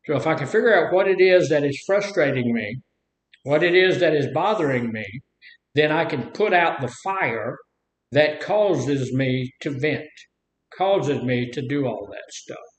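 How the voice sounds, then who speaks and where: A man's voice: fairly high pitch, lively intonation, a little slow. Folksy older man, echoey room. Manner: folksy, rambling storyteller who acts out quotes. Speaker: speaker leading a talk on anger. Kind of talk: casual teaching talk with stories.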